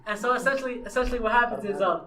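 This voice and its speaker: A man's voice: extremely high pitch, rapid-fire, far from the mic, rough recording. Man retelling a story with laughter. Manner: animated storytelling, acts out characters, laughs often. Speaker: podcast host. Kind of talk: casual chat.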